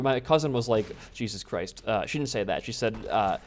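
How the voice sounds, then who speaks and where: A man's voice: mid-range voice, expressive, brisk, hardly any pauses, a little mellow. A man from the US Midwest doing casual gameplay commentary, telling a rambling story and swearing freely as he plays. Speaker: gaming YouTuber.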